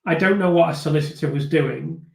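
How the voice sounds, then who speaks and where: Thoughtful British-based man, slightly high voice. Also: fairly quick, creaky. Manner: thoughtful, hesitant, many fillers and restarts. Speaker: host of a live viewer discussion. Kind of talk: casual live-stream chat reading viewer comments. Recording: echoey room.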